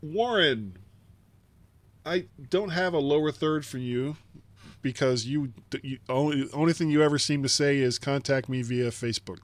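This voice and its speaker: A man's voice: mid-range voice, moderate pace, dry recording. A man hosting a casual tech podcast, chatty and self-deprecating, laughing often. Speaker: podcast host. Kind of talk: casual chat.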